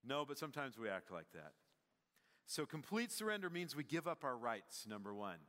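A man's voice: medium pitch, big pitch swings, moderate pace, a bit bright. A man preaching a sermon as pastor, conversational with many fillers, building to emphatic peaks. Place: church sanctuary. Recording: long hall reverb, church sanctuary.

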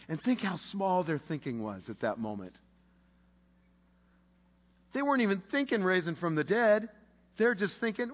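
A man preaching a sermon, impassioned, swinging between loud declarations and hushed, drawn-out pauses. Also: high-pitched, big pitch swings. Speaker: pastor. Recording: long reverb of a large hall.

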